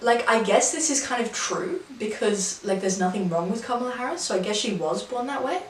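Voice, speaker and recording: A woman's voice: a little high, lively intonation, a little fast, hardly any pauses, far from the mic. A chatty Australian woman hosting a quiz video, with wry commentary that often swears. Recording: echoey room, mic set back.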